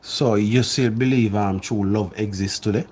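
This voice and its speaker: A man's voice: fairly low pitch, steady tone, normal speed, a little mellow. A man interviewing a guest, asking short questions and giving brief affirmations. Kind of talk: street-style interview questions.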